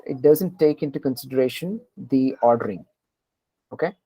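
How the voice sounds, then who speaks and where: A woman, tutoring a programming class. She keeps checking understanding with "right?" and pauses often with fillers. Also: extremely low pitch, warm tone, husky, dry recording, rough recording. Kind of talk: explaining a coding problem in class.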